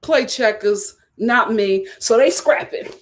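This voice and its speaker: A woman hosting a reality TV review, recapping episodes in animated casual commentary. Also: a little high, takes it slowly. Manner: animated storytelling with acted quotes and laughter.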